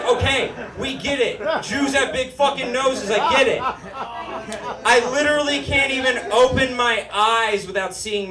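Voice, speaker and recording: Whiny high-voiced stand-up comedian. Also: male voice. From Utah. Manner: whiny, nasal comic delivery, rising to shouts. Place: live comedy stage before an audience. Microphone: stage microphone. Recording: roomy live-venue sound, mic a bit distant. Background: audience laughter.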